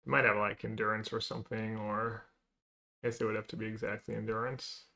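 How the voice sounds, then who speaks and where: Guy streaming a card game, bright voice, mumbling his plays half to himself. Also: on the low side, little pitch movement, brisk, creaky. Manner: thinking aloud, muttering plays to himself. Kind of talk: casual stream commentary while playing.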